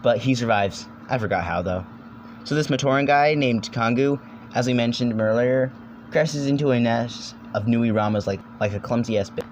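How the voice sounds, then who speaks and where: A man's voice: mid-range voice, a little mellow. Young guy rambling thru a goofy video essay, jokey, swears a lot, bit of faint hiss behind. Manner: rambling, jokey, swears, quick silly voices. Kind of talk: casual comedic video essay narration.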